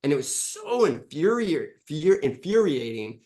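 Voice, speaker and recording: Candid, animated man cursing freely. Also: on the high side, moderate pace. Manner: frank and animated, swears freely, acts out past conversations. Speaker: coaching client. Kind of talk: candid interview testimonial.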